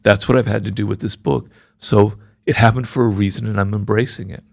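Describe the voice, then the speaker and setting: Gravelly low-voiced man in his sixties. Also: fairly even intonation, fairly quick, dry recording, studio quality. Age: 60s. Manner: frank and reflective. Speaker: podcast guest, author. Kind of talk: candid conversational interview.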